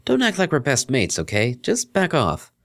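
A man's voice: mid-range voice, wildly swooping pitch, normal speed, a bit bright, voice pushed up. A man voicing a moody young female unicorn DJ, blunt and sarcastic, in a fan fiction reading.

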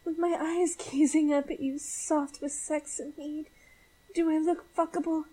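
High soft elf girl played by a woman, needy and breathy, slow and drawn out. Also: fairly even intonation, poor audio. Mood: eager.

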